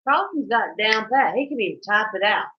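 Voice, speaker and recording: A woman's voice: mid-range voice, animated, a little fast. A woman, chatting casually and teasing her co-host. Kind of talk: casual chat. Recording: dull lo-fi sound.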